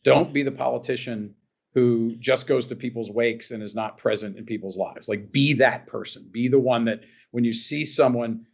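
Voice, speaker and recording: A man's voice: medium pitch, normal speed, creaky, dull audio. A man from New Jersey, a guest on a podcast, telling a personal story in an earnest way and often repeating phrases as he goes. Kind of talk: emotional personal storytelling in an interview.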